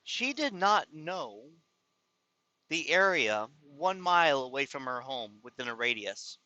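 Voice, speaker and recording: A man's voice: on the high side, big pitch swings, measured pace, pushed and bright, no room sound, low-quality recording. A man telling a personal story to his viewers in a casual, rambling way, often exasperated and restarting his sentences. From California. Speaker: vlogger.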